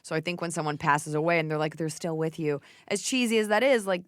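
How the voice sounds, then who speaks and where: Relaxed female podcast host. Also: deep voice, quick pace, dry recording, clean studio sound. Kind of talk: podcast conversation.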